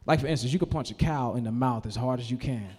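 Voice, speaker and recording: A man doing a stand-up comedy set, profane and animated, now and then shouting in character voices. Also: medium pitch, fast talker, husky, big-room sound. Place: live comedy venue.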